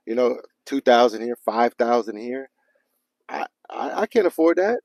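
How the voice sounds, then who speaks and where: A frustrated man ranting live to his viewers, swearing freely and turning to the audience with questions. His voice sits at an ordinary middle pitch. The sound is dry and close, with no room echo. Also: animated, normal speed, a little mellow. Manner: frustrated, profane, talks straight to viewers. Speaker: father livestreaming to viewers. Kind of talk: casual livestream rant.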